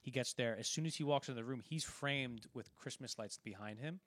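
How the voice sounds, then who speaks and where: A man's voice: mid-range voice, a little fast, a bit bright, dry recording. A man co-hosting a film podcast, casually retelling movie scenes in a rambling way with many restarts. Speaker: podcast co-host.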